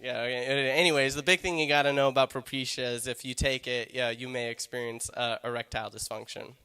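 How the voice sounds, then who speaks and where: A man's voice: medium pitch, steady tone, fairly quick, pushed and bright, clear, resonant tone. A man doing a stand-up comedy set, rambling and self-deprecating, with lots of filler words.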